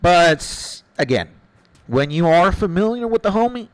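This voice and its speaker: A man's voice: high-pitched, sing-song, a little slow, no echo, rough recording. A man streaming a game, chatting loosely with his viewers in a rambling, slangy way. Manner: rambling, slangy, calls chat "bro" and "my G". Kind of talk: casual chat with viewers while gaming.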